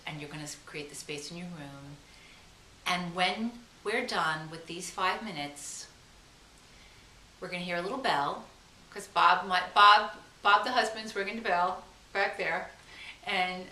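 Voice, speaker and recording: A woman with a Long Island accent teaching a guided meditation lesson, talking with enthusiasm and slowing into drawn-out chants. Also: lowish voice, bright, forceful tone, recorded from a distance. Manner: enthusiastic, chants slowly at times. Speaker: psychic teacher. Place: room at home. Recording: echoey room with faint hiss.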